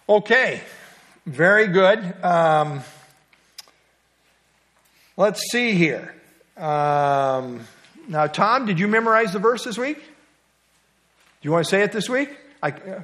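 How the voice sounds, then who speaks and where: A middle-aged man leads a small church Bible lesson in a relaxed, folksy way. His voice sits a little high for a man. He teases his class, trips over his words, and fills the pauses with small asides. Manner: folksy, teasing, with filler and restarts. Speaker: discipleship class teacher.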